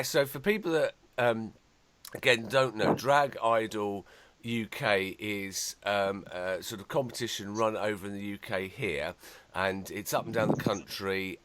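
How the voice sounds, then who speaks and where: A man hosting a podcast, chatty and rambling with many fillers, his voice lowered by a slight cold. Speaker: podcast host. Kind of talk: casual interview chat.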